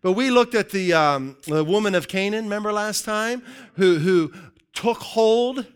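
A man preaching a sermon to his congregation in an energetic, joking way that keeps calling out to the crowd. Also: high voice, measured pace, smooth. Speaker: pastor.

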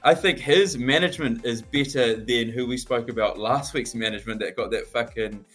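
A man's voice: medium pitch, moderate pace, a bit bright, breathy edge, faint music behind. Wry, blunt man talking footy. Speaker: podcast co-host. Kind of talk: casual sports podcast chat.

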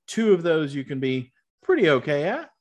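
A man's voice: a little high, big pitch swings, moderate pace. A man running a tabletop game as game master, explaining rules patiently with lots of fillers.

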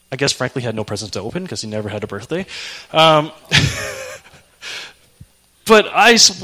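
A young man preaching a sermon, telling an emotional personal story in an animated way. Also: mid-range voice.

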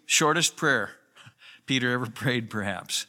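A man's voice: medium pitch, a little slow, pushed and bright. A pastor preaching a sermon in an earnest, conversational way, with emphatic rises in his voice. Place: church.

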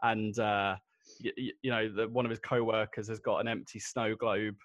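A man's voice: lowish voice, flat delivery, normal speed, a bit bright, no echo, clean studio sound. A man hosting a casual podcast chat, retelling scenes and leading the talk. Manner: leads the talk, retells scenes with quoted lines.

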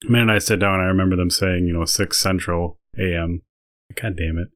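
A man's voice: deep voice, steady tone, fairly quick. A man co-hosting a casual podcast, telling stories in a rambling way with lots of fillers. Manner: rambling storytelling with many fillers. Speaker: podcast co-host. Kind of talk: casual chat.

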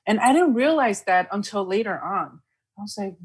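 A woman with a mid-range voice chatting as a podcast co-host. She talks in an excited, emotional way and laughs often. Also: mid-range voice, normal speed, breathy edge. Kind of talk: casual chat.

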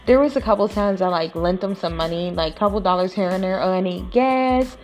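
A woman's voice: lowish voice, fast talker, soft background music. A woman hosting a podcast, telling a personal story in a blunt, chatty, profane way, talking to the listener like a close friend. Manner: talks to listener like a friend, calling them sis. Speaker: podcast host. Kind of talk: casual storytelling monologue. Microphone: podcast voice recording.

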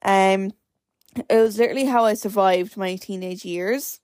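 A woman's voice: mid-range voice, moderate pace, darkish tone, no echo. Chatty young Irish woman, dry sound. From Ireland. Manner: rambling, chatty, many "like" fillers. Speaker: podcast host. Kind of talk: casual solo podcast chat.

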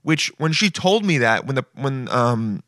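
A man's voice: mid-range voice, expressive, measured pace, fairly bright tone, dry recording, studio quality. Crude, mocking young male podcast host. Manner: crude, mocking, riffs in acted voices. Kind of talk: casual comedic chat.

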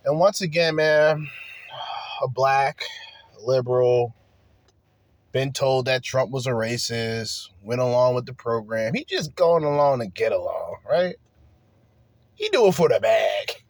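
A man's voice: medium pitch, a little slow, long pauses, no room sound. A man hosting a podcast, ranting in a heated, profane, emphatic way and firing off rhetorical questions. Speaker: podcast host. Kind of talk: solo opinion rant.

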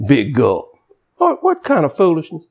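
A man delivering a sermon in a high, lively voice that jumps all over the place. He preaches emphatically, mixing scripture with folksy, colloquial asides. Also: measured pace, dull audio. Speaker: pastor.

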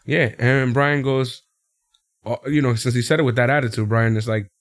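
Speaking at a moderate pace, a man chats casually as a podcast co-host recapping wrestling, recorded in studio quality without room sound. He's lively, laughs often, and voices the quotes in a high pitch.

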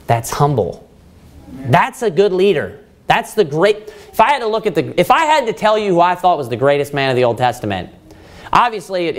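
A man preaching a sermon as a pastor, asking rhetorical questions and repeating points for emphasis, with many filler phrases. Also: fairly high pitch. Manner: many fillers of "you know" and restarts.

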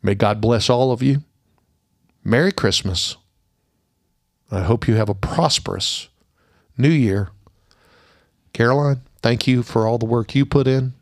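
Middle-aged man, gravelly voice, dry close sound, earnest storyteller, podcast host. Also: mid-range voice, a little slow, pauses often, no echo. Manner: earnest storyteller, drops to a hushed tone at sad moments. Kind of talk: personal story and holiday message.

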